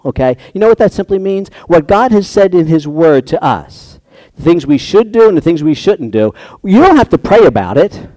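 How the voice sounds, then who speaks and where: A man's voice: a little high, mellow, dry recording. A man preaching a conversational sermon, acting out prayers and little dialogues as he goes.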